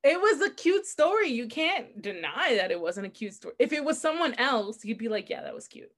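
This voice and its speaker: Laughing, animated young woman storyteller. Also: sits high, moderate pace. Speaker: podcast co-host. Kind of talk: casual book chat.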